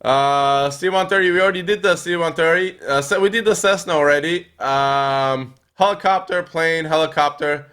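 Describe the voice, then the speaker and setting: A young man streaming a flight game, chatting with viewers and thinking aloud with lots of fillers, now and then breaking into excited yells. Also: fairly high pitch, normal speed, few pauses, smooth. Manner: reads and answers viewer chat while playing. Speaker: gaming streamer. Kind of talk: live gameplay commentary.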